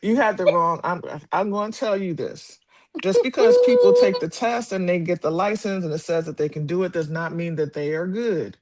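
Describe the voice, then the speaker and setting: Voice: medium pitch, very animated, moderate pace, heavy background noise. A podcast co-host with a mid-range voice explains a point earnestly in casual chat. The speaker adds some swearing for emphasis.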